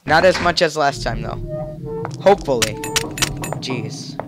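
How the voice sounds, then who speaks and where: A man's voice: on the high side, expressive, unhurried, very noisy. A man casually commenting while playing a video game, joking and rambling to himself in a playful way. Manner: playful, rambling, jokey asides. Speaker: let's play gamer. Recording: game music behind the voice. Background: game music.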